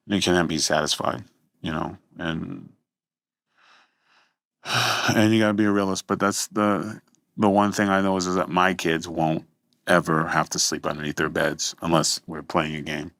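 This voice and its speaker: A man with a deep, gravelly voice talks frankly and casually, letting a swear word slip now and then. The recording is dry and close. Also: a bit bright, no echo. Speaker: guest. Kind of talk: candid interview.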